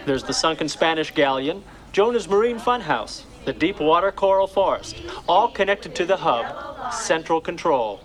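A man's voice: fairly high pitch, animated, normal speed, close to an everyday voice. A man playing a boastful park manager. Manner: promotional, showman-like. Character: proud male marine park manager giving a tour. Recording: film audio with crowd behind.

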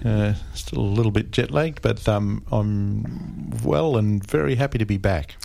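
A man's voice: fairly low pitch, measured pace, gravelly, dark tone. A man chatting casually as a radio guest, rambling and hesitant as he talks.

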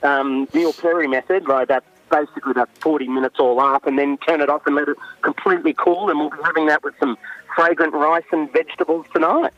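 An Australian man in his forties tells stories as a guest in a chatty, enthusiastic way. His voice sits a little high. He comes through a dry, dull, lo-fi line. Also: fairly even intonation, fairly quick, no echo. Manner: chatty, enthusiastic, many fillers. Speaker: guest winemaker. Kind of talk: casual storytelling.

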